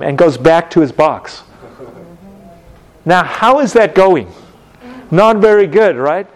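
Animated man teaching a class, slightly high voice. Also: a little slow. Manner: animated storytelling, acts out scenes with sound effects. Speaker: Bible teacher. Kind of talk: teaching talk with questions to the class.

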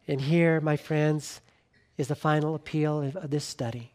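Earnest male preacher, soft closing appeals. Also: a little high, steady tone, measured pace. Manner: earnest, swings from loud emphasis to soft quiet appeals. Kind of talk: sermon.

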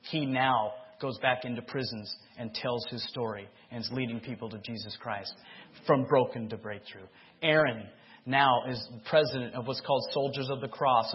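A man's voice: medium pitch, slightly rough. A man preaching his testimony as an emotional sermon, speaking passionately and repeating a refrain to his congregation. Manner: impassioned, repeats a refrain, seeks audience response. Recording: dull lo-fi sermon recording.

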